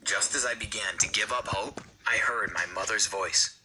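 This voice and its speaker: A man reading a scripted first-person story in an earnest, steady way for an animated video. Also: lowish voice, normal speed, a little hiss or hum, rough recording. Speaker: narrator. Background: background music.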